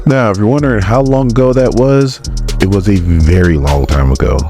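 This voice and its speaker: A man's voice: lowish voice, a little fast, warm tone, soft background music. A man in his forties giving a casual comic book story recap, acting out characters and laughing often. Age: 40s. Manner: acts out characters with raised voices, laughs often.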